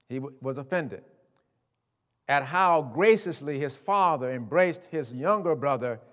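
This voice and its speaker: A male preacher with a high voice talks straight to his listeners in a folksy, conversational sermon. His voice carries a long reverb, and he sinks low for quiet asides. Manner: conversational, direct address to listeners. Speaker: pastor.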